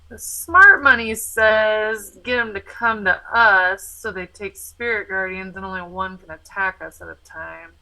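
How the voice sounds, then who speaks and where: Bright-voiced woman playing a tabletop game. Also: mid-range voice, a little slow, hardly any pauses, poor audio. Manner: decisive, tactical. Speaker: player.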